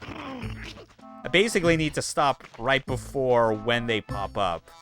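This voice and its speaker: A man with a bright, slightly tense voice talks through a game on stream. He rambles, curses, and jokes about what is on screen. Soft game music plays under him. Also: mid-range voice, very animated, takes it slowly. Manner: rambling, profane, laughing asides. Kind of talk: casual let's-play commentary.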